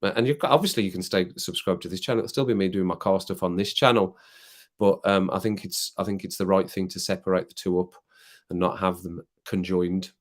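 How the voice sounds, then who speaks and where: A relaxed British man hosts a late-night live stream and talks easily to the viewers in the chat. He rambles, laughs a lot and reads their comments out loud between sips of rum, with a cough now and then. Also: deep voice, fairly quick. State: drinking rum, occasional coughs.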